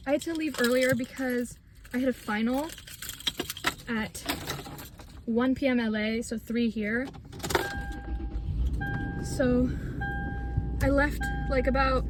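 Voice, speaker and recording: A young woman in her twenties chatting casually to the camera in a vlog, swearing now and then. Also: high-pitched. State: out of breath. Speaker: vlogger. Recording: noisy background.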